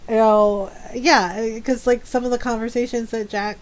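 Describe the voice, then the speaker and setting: A woman streamer chatting casually while playing a game, animated, laughing often and mimicking characters as she tells a story. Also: fairly high pitch, moderate pace.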